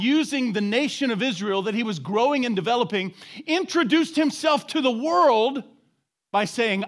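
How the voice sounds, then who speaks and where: A man with a notably high voice preaches in a church sanctuary, talking to the congregation in a conversational way. He throws out rhetorical questions and asks them to repeat lines back, then sinks low and soft to drive home the main point. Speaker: pastor. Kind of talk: sermon.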